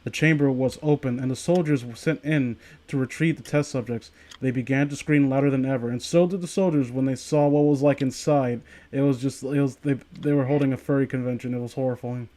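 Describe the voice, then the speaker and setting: A man's voice: medium pitch, fairly even intonation, a little fast, hardly any pauses, mellow. A man reading a horror story aloud to friends, stumbling over words and breaking off to joke and laugh. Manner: stumbles and restarts often, laughs a lot. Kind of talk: casual reading with jokey commentary.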